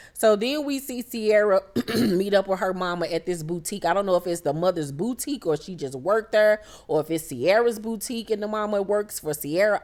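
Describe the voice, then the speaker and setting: A woman's voice: lowish voice, darkish tone. Blunt, sassy woman recapping TV. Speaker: TV recap host. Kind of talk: casual recap commentary.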